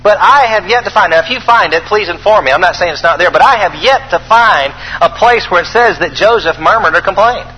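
A man preaching a sermon, reading scripture aloud with animated, folksy, emphatic asides to the congregation. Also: high voice, fairly quick, few pauses, slightly rough, big-room sound, poor audio.

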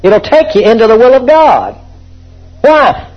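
A man's voice: very high-pitched, very animated, a little slow, dull audio, faint music behind. A man preaching a sermon in a fervent way, calling out to his congregation.

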